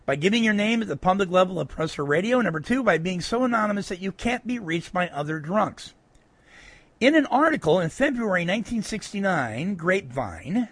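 Emphatic male speaker, high-pitched and very animated, reads quotes and eggs the crowd on; dry close recording. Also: breathy edge, dry recording. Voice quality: animated, emphatic, rhetorical asides. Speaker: speaker at a recovery meeting. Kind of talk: emphatic talk reading quotes aloud.

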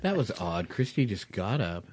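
A man's voice: fairly low pitch, very animated, moderate pace, husky. A man co-hosting a radio talk show, teasing and bantering. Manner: teasing, laughing interjections. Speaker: radio co-host. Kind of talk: casual banter.

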